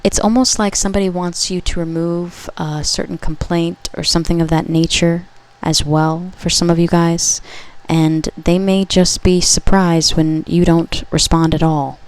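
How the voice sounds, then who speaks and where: A woman with a slightly low voice talks viewers through a pick-a-card tarot reading. Her delivery is relaxed and chatty, with frequent "okay?" check-ins and quick self-corrections. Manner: conversational, frequent checks like "okay?", corrects herself mid-sentence. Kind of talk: pick-a-card collective reading, casual spoken.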